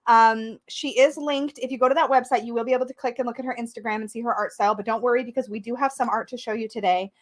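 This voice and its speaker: High-pitched woman on a livestream, super excited, teary, keeps laughing. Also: quick pace, few pauses. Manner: excited, emotional, laughing often. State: tearful. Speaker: tarot channel host. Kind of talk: livestream chat.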